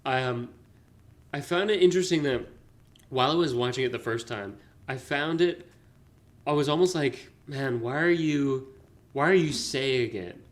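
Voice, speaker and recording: A man's voice: medium pitch, normal speed. Man retelling movie scenes. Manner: retells scenes, acting out quoted lines. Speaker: podcast co-host. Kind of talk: casual film review chat.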